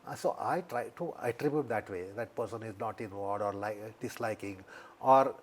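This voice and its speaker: There's a slight hiss or hum behind this man's lowish voice. He's a yoga teacher with an Indian English accent, going through things slowly and deliberately in an interview and restating his important points.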